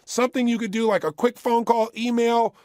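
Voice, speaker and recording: A man's voice: extremely high pitch, fairly even intonation, fairly quick, a little mellow, no room sound. A middle-aged man giving a motivational talk, emphatic and repeating phrases for effect, recorded close in a studio. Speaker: motivational speaker. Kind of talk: motivational audio program.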